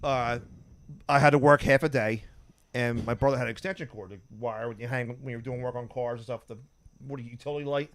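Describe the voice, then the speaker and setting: A man's voice: medium pitch, steady tone, brisk, a bit bright. A man telling rambling comic anecdotes on a podcast, often breaking into laughter. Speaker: podcast guest. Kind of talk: casual storytelling chat.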